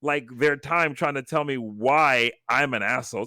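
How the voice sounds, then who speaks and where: A man's voice: mid-range voice, normal speed, no echo, clean studio sound. A man co-hosting a casual podcast chat, telling stories animatedly and acting out the lines of the people in them. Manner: animated storyteller who acts out quoted lines. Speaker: podcast co-host.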